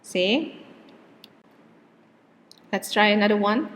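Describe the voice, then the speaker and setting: Female teacher, slow and careful delivery, slight room echo, faint hiss. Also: medium pitch, animated, fairly bright tone. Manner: slow, deliberate example sentences with hesitant fillers. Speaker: English teacher. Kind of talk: recorded classroom lesson.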